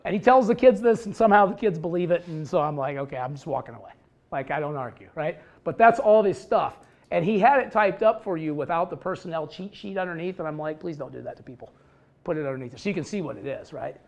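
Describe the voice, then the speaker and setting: This is a man presenting at a coaching clinic in a loose, conversational way. His voice sits a little high with a gravelly edge. He is blunt and wry, and a curse slips out now and then. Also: animated, fast talker, darkish tone, lo-fi sound. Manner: blunt, wry and joking, with occasional swearing. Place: presentation room with a live audience.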